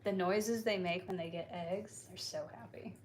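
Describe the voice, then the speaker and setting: A woman's voice: on the low side, steady tone, normal speed, a little mellow, a little hiss or hum. A woman hosting a casual livestream, chatting, joking and talking to her chicken at home. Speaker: livestream host.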